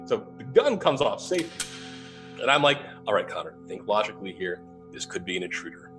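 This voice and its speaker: A man's voice: lowish voice, fairly quick, faint music behind. A young adult man telling a ghost story casually, acting out the dialogue with laughs. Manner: animated, acts out quoted dialogue with laughs. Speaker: paranormal investigator telling his story.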